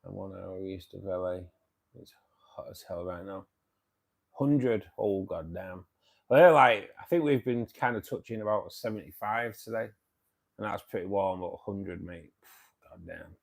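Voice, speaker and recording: Chatty Manchester man, lowish voice. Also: unhurried, gravelly. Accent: Manchester English. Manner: chatty, reads and answers viewer comments. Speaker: livestream host. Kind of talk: casual livestream chat.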